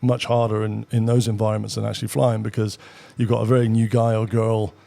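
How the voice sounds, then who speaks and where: A middle-aged man from the United Kingdom, a former military pilot, telling a story in a measured, explanatory way as a podcast guest. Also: lowish voice, flat delivery, creaky, mellow. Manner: measured, explanatory, pausing to rephrase. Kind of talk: casual conversational storytelling.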